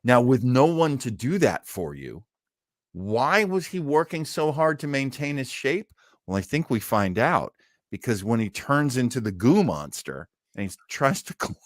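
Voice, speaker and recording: A man co-hosting a casual review podcast, animated, his voice jumping high when he is surprised. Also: a little slow, dry recording, studio quality. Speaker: podcast co-host.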